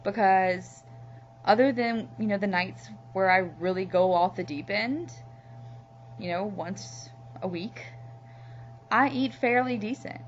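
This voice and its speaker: A woman from Louisiana talking candidly in a personal video diary, heartfelt and rambling with lots of "you know"s. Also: medium pitch. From Louisiana, USA. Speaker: vlogger. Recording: muffled lo-fi recording with faint hum.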